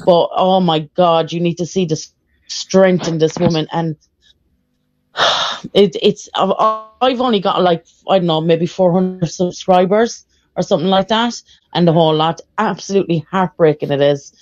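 A woman's voice: fairly low pitch, normal speed, darkish tone. A woman streamer talks emotionally and emphatically in casual live-stream chat. Her audio is dull and lo-fi.

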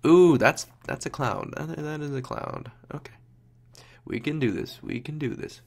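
A man's voice: a little high, normal speed, vocal fry. A young man in casual gameplay commentary, talking to himself, swearing, muttering and exclaiming. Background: game music.

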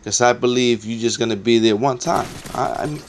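A man's voice: mid-range voice, normal speed, loud music behind the voice. A young man giving casual, trash-talking commentary over his own gameplay, swearing often and getting exasperated.

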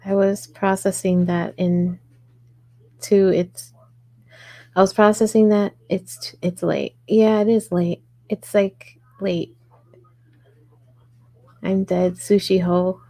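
Woman crocheting live, slow chatty talk to viewers, low gravelly voice. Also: flat delivery, dark tone, low-quality recording. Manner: chatty, reads and answers viewer comments, murmurs stitch counts. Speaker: crochet livestream host. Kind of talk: casual live tutorial chat while crocheting.

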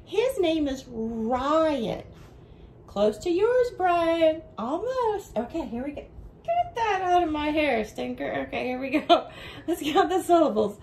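A woman teaching a home video lesson for young children, with a bright sing-song teacher voice that goes slow and clear for the kids. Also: sits high, big pitch swings, a little hiss or hum, poor audio.

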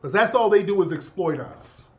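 A man commentating in a casual, profane, animated rant that often breaks into laughter. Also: sits high, moderate pace. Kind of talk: casual monologue.

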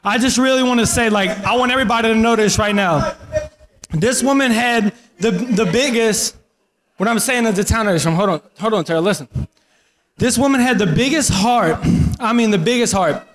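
Earnest man, high voice. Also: normal speed, fairly bright tone. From Louisiana. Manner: earnest, rambling, restarts often. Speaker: family friend sharing memories. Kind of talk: casual memorial speech.

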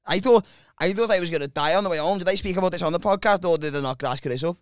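A man's voice: high voice, quick pace, clean tone, no room sound, studio quality. A man, a podcast host telling a funny story in casual chat and mimicking his friends.

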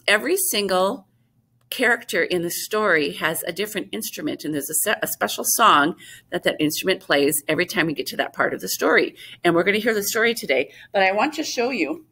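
A woman music teacher explaining things gently and simply to young children, with many fillers. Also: on the low side, slightly rough. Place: school classroom.

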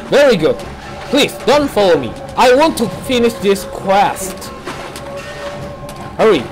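A man narrating his own horror gameplay in broken English, dropping to hushed muttering and then breaking into panicked shrieks. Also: high voice, animated, measured pace, over music. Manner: non-native English with broken grammar. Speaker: gameplay streamer. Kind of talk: horror game commentary.

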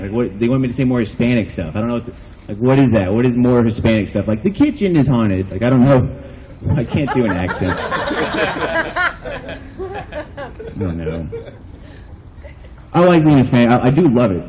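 A man's voice: mid-range voice, muffled recording, slight background noise. A man from the United States doing a stand-up comedy set at an outdoor backyard show, rambling and self-deprecating, saying "like" a lot.

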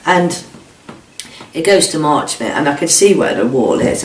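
A woman's voice: deep voice, lively intonation, moderate pace. Blunt woman recounting an ordeal, distant and echoey. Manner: blunt, swears freely, quotes speech in dialogue. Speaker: interviewee recounting a past ordeal. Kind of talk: emotional first-person testimony. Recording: echoey room, distant mic, faint noise.

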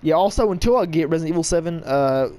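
Excitable young man commentating gameplay. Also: fairly high pitch, quick pace. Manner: excitable, trash-talking, rambling. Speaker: gaming YouTuber.

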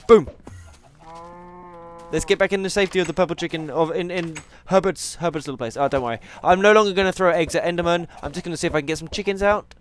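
A tired young gaming YouTuber gives casual let's-play commentary, teasing the animals on screen as he plays. His voice sits on the high side and moves at a quick pace.

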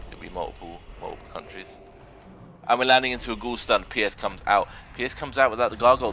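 Calling a video game match from the arena, a young commentator delivers sarcastic, excitable play-by-play. He sounds a bit low yet bright and forceful, and some faint noise hums behind him.

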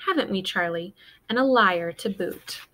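A woman's voice: mid-range voice, lively intonation, moderate pace, fairly bright tone, close to an everyday voice, low-quality recording. A woman voicing a spiteful old grandmother who speaks coldly. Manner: cold, sneering.

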